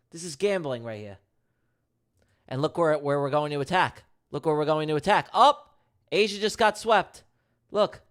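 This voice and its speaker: A man streaming his live day trading, talking casually and emphatically to his chat with slangy, repetitive banter and jokes. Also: sits high. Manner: slangy, emphatic, repeats himself; jokey banter with viewers.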